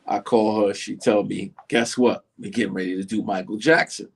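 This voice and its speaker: A man's voice: lowish voice, normal speed, creaky, slightly rough. A middle-aged man telling a story in a casual interview, acting out the voices of the people in it. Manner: animated, acts out voices in his story. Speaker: interview guest.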